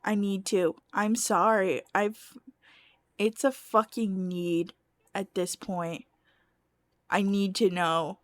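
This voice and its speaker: A woman's voice: medium pitch, fairly even intonation, slow, long pauses, dry recording. A young woman livestreaming a game, chatting casually, swearing and laughing in exasperation. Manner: profane, exasperated, laughing often. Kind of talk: casual gaming stream chat.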